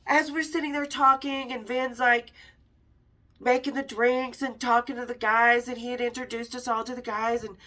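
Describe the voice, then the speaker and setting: On the high side and delivered flatly at normal speed, this woman's voice has a bright, forceful tone. She's a middle-aged podcast host from Las Vegas sharing a personal tale frankly and profanely, performing the quoted lines.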